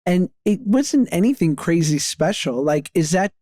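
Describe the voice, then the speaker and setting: A man's voice: high voice, lively intonation, unhurried, dark tone, no echo, clean studio sound. A man in his thirties telling casual anecdotes on a podcast, often laughing through his stories. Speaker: podcast co-host. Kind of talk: casual chat.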